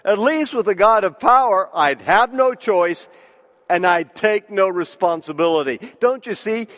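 A man preaches with slow, deliberate phrasing and weighty pauses. His voice sits high for a man. It carries a long church echo. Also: expressive, a bit bright. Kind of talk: sermon.

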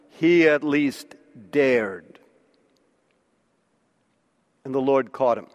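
A man preaching a sermon, slow and deliberate with emphatic pauses. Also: on the high side, big-room sound.

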